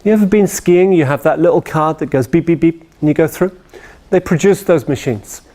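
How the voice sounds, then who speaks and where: A man's voice: fairly high pitch, fairly quick. A man giving a sales training talk, telling anecdotes with animation and checking in with his listeners. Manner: animated storyteller, asks the room questions.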